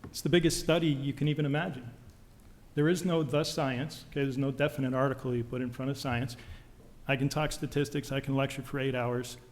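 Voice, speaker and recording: A man's voice: medium pitch, steady tone, fairly quick. A man testifying at a legislative hearing, intense and accusatory, firing off medical jargon. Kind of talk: public testimony. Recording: long hall reverb.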